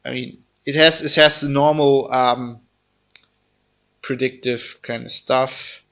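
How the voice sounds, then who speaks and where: A man's voice: medium pitch, steady tone, slow pace, a bit bright. A man with a German accent giving a casual, blunt phone review, chatty and full of fillers and restarts. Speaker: tech reviewer.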